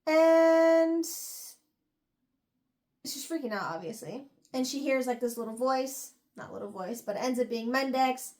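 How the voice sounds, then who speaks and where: A young woman hosting a book review podcast, casually retelling chapters in a rambling, animated way with lots of fillers. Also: sits high, a little slow.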